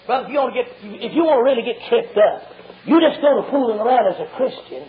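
A man preaching a revival sermon to a congregation, fiery and shouting, drawing out his emphatic lines. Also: extremely high pitch, a little fast, a little hiss or hum. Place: church before a congregation. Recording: dull lo-fi sermon tape.

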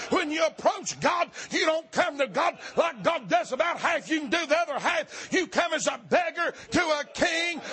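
A man preaching a fervent sermon, often breaking into shouts. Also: extremely high pitch.

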